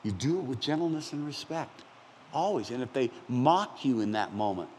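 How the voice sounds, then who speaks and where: A pastor in his sixties preaching a conversational, animated sermon with self-deprecating asides. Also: mid-range voice, normal speed, slight background noise. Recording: long hall reverb, faint ambience.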